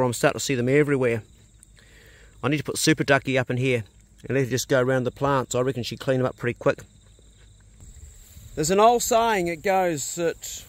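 A blunt, earthy man, chatting as he walks his farm and swears freely. His voice sits a bit high, caught outdoors on a phone camera. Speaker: farmer vlogger. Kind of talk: casual walk-and-talk vlog.

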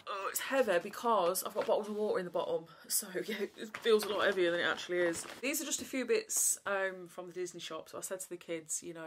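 A woman's voice: mid-range voice, quick pace, few pauses, slight background noise. A woman, chatting casually to camera in a rambling way, full of fillers. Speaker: vlogger.

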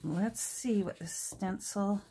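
A woman's voice: medium pitch, takes it slowly, vocal fry, dark tone, slight background noise. A middle-aged woman chatting casually and rambling while she crafts at home, with many restarts and ums. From Canada. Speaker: crafting vlogger. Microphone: camera mic at a work table.

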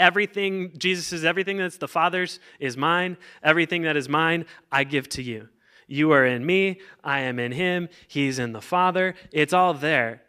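A man's voice: a little high, sharp tone, smooth. A man preaching a casual, joking sermon as pastor, full of fillers and restarts. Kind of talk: conversational sermon.

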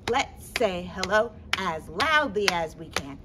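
A woman's voice: mid-range voice, expressive, slow, hardly any pauses, background noise. A woman hosting a children's story-time in an empty library, talking in a playful, exaggerated sing-song way for kids.

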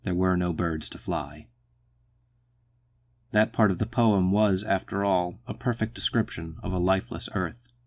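A man reading a short story aloud in the first person, measured and brooding. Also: sits low. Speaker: audiobook narrator.

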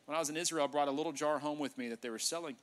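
A male pastor preaching a sermon in a church, animated, joking with the congregation and acting out dialogue. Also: fairly high pitch, rapid-fire. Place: church sanctuary.

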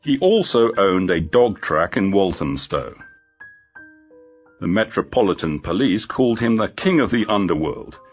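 A man reading a graded-reader story aloud slowly and clearly for English learners. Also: lowish voice. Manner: slow, clear, evenly paced reading. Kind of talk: scripted narration for learners. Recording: dull lo-fi with faint background music.

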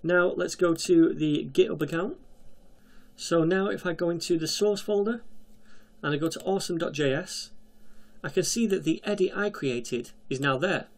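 A man's voice: on the high side, moderate pace. Chatty man walking through a coding tutorial. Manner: casual, chatty walkthrough with jokey asides. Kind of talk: screen-recorded coding tutorial.

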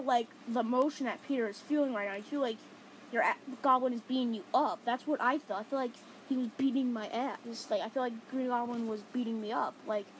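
A woman with a slightly high voice rambles through a casual countdown of movie fight scenes. She talks with loose enthusiasm, packing her sentences with "like" and restarts. Faint background noise sits under her voice. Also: poor audio. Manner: rambling, enthusiastic, many fillers like "like". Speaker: movie reviewer.

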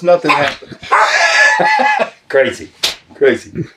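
A man's voice: medium pitch, unhurried, slight background noise. A man casually telling a story as an interview guest, loose and laughing.

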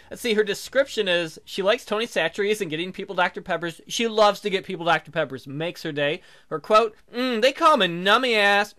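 Man, let's player, high bright voice, rambling jokey commentary, faint music under. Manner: joking, rambling, swears freely. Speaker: video game let's player. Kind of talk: casual gameplay commentary.

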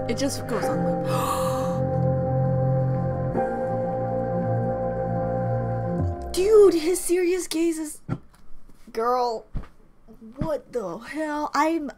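A young woman reacting on camera in a high voice that swoops up and down. She gushes, breaks off mid-word and repeats her exclamations, with faint music playing behind her. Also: a little mellow. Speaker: reaction vlogger. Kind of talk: excited reaction commentary. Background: faint music from the video.

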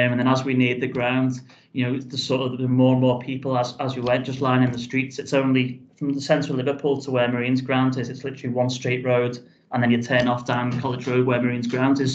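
A man, a football club chief executive, recounting events in a casual podcast interview, rambling and restarting his phrases with many "um"s and "you know"s. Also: medium pitch. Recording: dull lo-fi audio.

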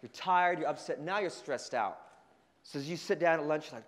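A man giving an energetic motivational talk to a student leadership conference, telling stories and acting out the voices. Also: medium pitch, brisk. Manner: energetic storytelling with acted-out voices. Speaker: keynote speaker. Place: large conference hall. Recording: long hall reverb.

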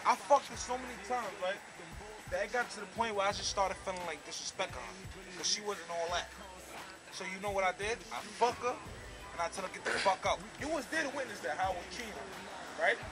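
Brash high-voiced man trash-talking. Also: a little fast, low-quality recording. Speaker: featured guest boasting on camera. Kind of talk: profane street boasting to camera. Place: outdoors in front of his building. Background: music.

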